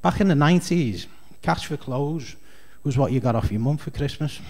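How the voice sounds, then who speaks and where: A man's voice: a little high, lively intonation, normal speed, a little mellow. A man with a Scouse accent doing a rambling, chatty stand-up comedy set on a club stage. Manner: rambling, chatty, heavy on fillers.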